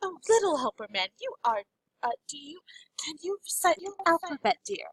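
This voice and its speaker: A woman's voice: high-pitched, very animated, brisk, fairly bright tone, no room sound, far from the mic, voice pushed up, poor audio. A woman voicing a prim, fussy genteel lady who calls everyone dear and darling.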